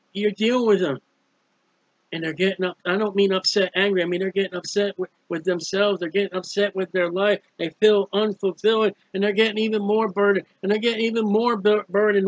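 A man's voice: high voice, fairly even intonation, a little fast, dry recording, lo-fi sound. A man preaching about a hymn in an earnest, pleading way, repeating phrases as he urges listeners toward faith. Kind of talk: sermon-style hymn commentary.

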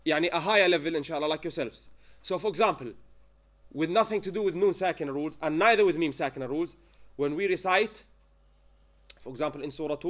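Teaching tajweed in a classroom, a high-voiced Quran recitation teacher dictates notes at a slow pace and checks in with students after almost every point. He chants Arabic verses to illustrate each rule.

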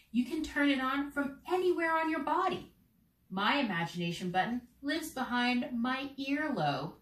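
A young woman runs a children's theater warm-up, speaking slowly and playfully straight to the kids at home. Her voice sits high and swoops all over the place with lots of lift. She is picked up from a few steps back in a roomy, echoey space. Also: distant mic. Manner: bright, encouraging, slow and playful, talks straight to children. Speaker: children's theater teaching artist. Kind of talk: leading kids' theater warm-up games.

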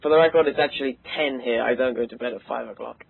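A teenage boy with an English accent rambles through a casual game commentary, cracking jokes and getting excitable. His voice is a bit husky and comes through dry and tinny, like a voice call. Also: mid-range voice, fast talker, no echo. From England. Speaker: let's play host. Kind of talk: casual gaming commentary chat.

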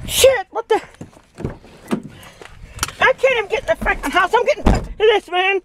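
A woman's voice: extremely high pitch, lively intonation, fast talker, background noise. A woman filming herself on a dash cam in her car, agitated, swearing and repeating herself. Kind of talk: upset self-filmed dash cam vlog.

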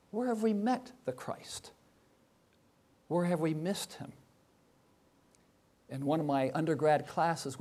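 An older man delivers a chapel sermon in a warm, mellow voice. He speaks reflectively and often pauses on rhetorical questions to his listeners. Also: on the high side.

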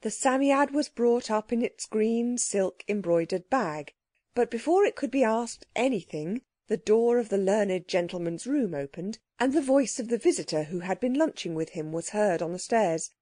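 A woman narrating a children's audiobook in a steady storytelling manner. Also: medium pitch, moderate pace, no echo, clean studio sound.

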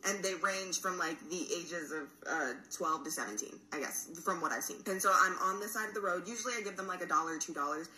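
A young woman from the Atlanta area tells a story in loose, casual chat. Her voice is very bright and sharp, and it bounces around an echoey room. She acts out the quotes with lots of energy. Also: on the low side, brisk, hardly any pauses, recorded from a distance. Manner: animated, acts out quotes, laughs often. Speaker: storyteller on a podcast.

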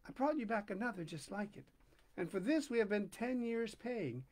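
A man's voice: high-pitched, lively intonation, normal speed, darkish tone. A man voicing a worn-down, proud working woman in a read-aloud story, speaking in an earnest, plain way.

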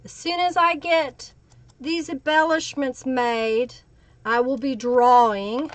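This craft livestream host speaks slowly in a high voice with fairly even intonation, talking through her work and greeting people in chat by name. There's no echo on the recording.

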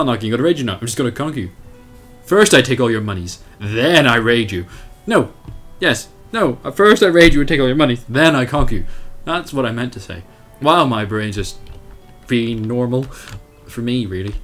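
A young man casually commentating his strategy game, animated, self-mocking and swearing at the game as he plays. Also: medium pitch. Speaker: let's play host.

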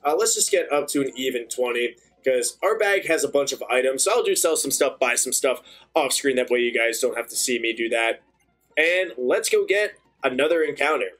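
A young man hosting a gaming channel, giving chatty, excitable let's-play commentary. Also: mid-range voice. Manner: excitable, chatty, bursts into cheers.

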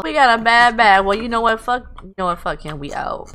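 A woman's voice: fairly low pitch, animated, moderate pace, few pauses, a bit bright. A woman hosting casual gameplay commentary, joking and swearing, squealing when surprised. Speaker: gaming channel host.

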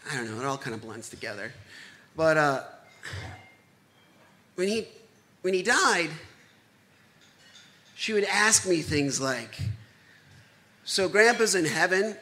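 A man's voice: on the high side, animated, slow, pauses often, sharp tone. A man in his thirties telling a true personal story live on stage, candid and conversational with self-deprecating humor.

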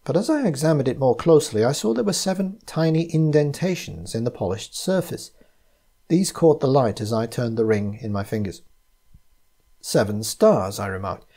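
A man reading his own detective story in first person, in a measured, even narration. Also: mid-range voice. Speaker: narrator and author.

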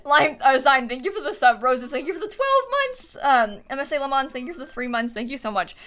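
A young woman talks casually on a live stream, thanking viewers and reading chat aloud between bursts of giggles. Her voice sits a bit high and bright, and it swoops up and down with lively expression. She fills her pauses with plenty of ums and uhs. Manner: giggly, chatty, reads chat aloud with many fillers.

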